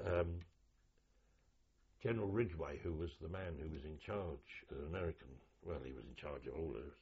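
In an oral history interview, an older London man, a veteran, tells war stories with lively energy, acting out the voices in his anecdotes. His voice is deep and husky with vocal fry, and the sound is lo-fi.

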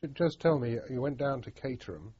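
A man's voice: mid-range voice, lively intonation, brisk, dark tone, breathy edge. A man conducting an oral history interview, asking probing questions with stumbling restarts. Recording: dull lo-fi recording.

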